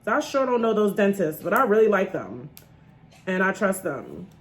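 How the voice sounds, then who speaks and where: A woman in her thirties, from New York, talking casually to camera in a vlog, nervous and joking before a dental procedure. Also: moderate pace. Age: 30s. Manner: chatty and joking, lively swings in pitch. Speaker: vlogger.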